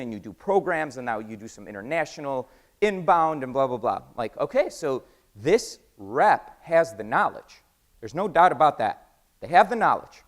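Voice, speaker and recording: An American man giving an energetic conference talk, quizzing the audience and acting out conversations. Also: on the high side. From United States. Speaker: conference speaker. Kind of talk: keynote talk with acted-out dialogue.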